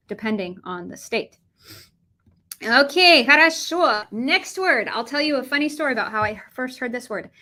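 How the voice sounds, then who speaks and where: A young American woman with a lively, animated delivery, teaching a Russian vocabulary lesson and switching between English and Russian. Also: fairly high pitch. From United States.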